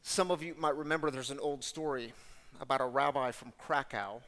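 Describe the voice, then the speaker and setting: A man serving as guest storyteller, delivering a sermon-style story in an animated, conversational way and speaking directly to the audience. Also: medium pitch, fairly quick, long reverb tail.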